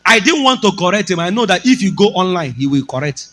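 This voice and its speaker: Nigerian-accented male pastor, emphatic sermon delivery, high lively voice. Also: fast, poor audio. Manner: emphatic preaching, slipping into Pidgin.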